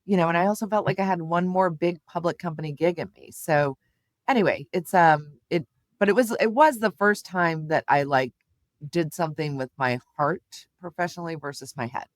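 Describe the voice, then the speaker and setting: A middle-aged woman telling stories as an interview guest, animated and full of fillers. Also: lowish voice, moderate pace, dry recording. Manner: animated storyteller, many fillers and laughs. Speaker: guest, communications executive. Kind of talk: casual interview chat.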